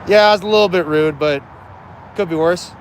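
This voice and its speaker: A man's voice: sits high, normal speed, slight background noise. A man hosting a casual livestream outdoors beside his smoker, chatting bluntly with viewers and swearing freely. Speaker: livestream host.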